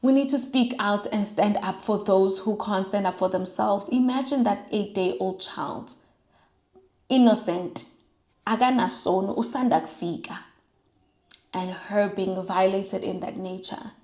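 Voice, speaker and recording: A woman's voice: mid-range voice, unhurried, darkish tone, roomy sound. A young South African woman talking earnestly while doing her makeup, driving her points home by repeating phrases and slipping into Zulu and Sotho words. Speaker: vlogger.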